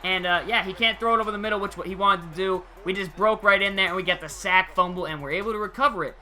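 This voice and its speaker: A young man giving casual, excitable gameplay commentary over a football video game, using slang and chuckling often. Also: high voice, quick pace. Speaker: gaming channel host.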